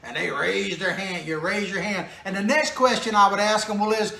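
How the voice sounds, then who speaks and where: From a small home studio with a roomy echo, a man hosts a political commentary show, speaking casually, joking, tossing in sarcastic asides and chuckling often. His voice sits high with fairly even intonation and a moderate pace, sounding creaky, bright and forceful, with a slight hiss or hum in the background.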